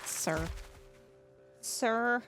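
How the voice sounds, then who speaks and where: Brief: woman streamer from Canada, higher voice, giggly casual banter. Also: drawn-out words, loud music behind the voice. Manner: giggly, animated, laughs often between remarks. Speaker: livestreamer. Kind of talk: casual chat while playing a game live.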